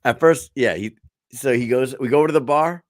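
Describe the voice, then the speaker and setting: A man co-hosting a casual podcast, telling stories in an animated, profane way. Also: medium pitch, brisk, dry recording, clean studio sound. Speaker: podcast co-host.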